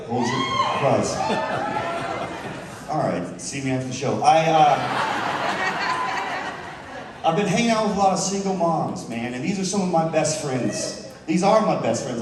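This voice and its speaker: A man in his thirties from Southern Oregon, doing a stand-up comedy set in a loose, chatty way with frequent restarts. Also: mid-range voice. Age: 30s. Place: large theater stage. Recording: echoey, distant theater recording with room noise.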